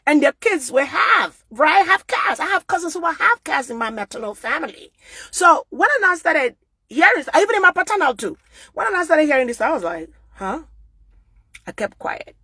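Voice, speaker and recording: A woman with a Nigerian accent from Akwa Ibom, speaking out in an emphatic personal monologue that swings between loud outbursts and hushed, repeated oaths. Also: high-pitched, very animated, moderate pace, no echo. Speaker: vlogger speaking out.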